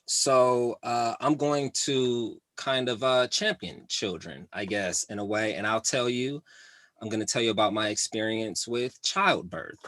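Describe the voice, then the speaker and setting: A man's voice: medium pitch, unhurried, a bit bright, dry recording. Man, stand-up set, rambling fillers, dry mic. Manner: laid-back, rambling delivery with many fillers. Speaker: stand-up comedian.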